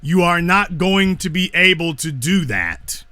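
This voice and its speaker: Man lecturing, slow and emphatic, repeats himself, swoopy pitch, kinda high. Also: lively intonation, pushed and bright, no room sound. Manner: emphatic, repeats key lines.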